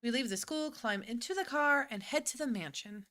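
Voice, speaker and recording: Bright-voiced woman streamer reading a game. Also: a little high, lively intonation, normal speed. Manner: chatty, switches between reading and asides. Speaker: VTuber streamer reading a visual novel aloud.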